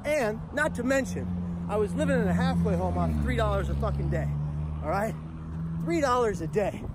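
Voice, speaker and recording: A man speaker telling a comedic personal story in a punchy, animated way with profane asides. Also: sits high, normal speed, heavy background noise. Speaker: motivational speaker.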